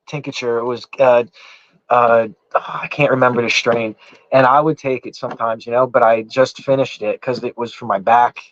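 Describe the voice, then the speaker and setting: A man's voice: mid-range voice, fairly even intonation, moderate pace, a bit bright, no echo. A man with an East Coast accent telling a long story in casual chat, swearing a lot and repeating himself with restarts. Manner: rambling, heavy swearing, lots of "I said" restarts. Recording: dull muffled lo-fi sound.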